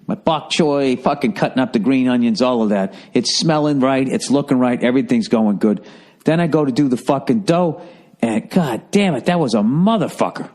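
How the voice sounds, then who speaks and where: A man in his fifties with a Boston accent, hosting a podcast and telling a profane, animated comedic story. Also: medium pitch. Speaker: podcast host. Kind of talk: casual comedic monologue.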